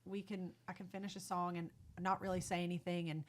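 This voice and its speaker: A woman's voice: fairly low pitch, flat delivery, fairly quick. Chatty young woman. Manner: chatty, laughs often, acts out quotes. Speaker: guest singer-songwriter. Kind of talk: casual podcast chat.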